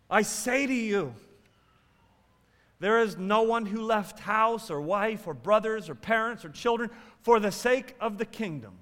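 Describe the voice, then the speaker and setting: A man preaching a sermon as a pastor, swinging between loud exclamations and quiet asides. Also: sits high, long reverb tail.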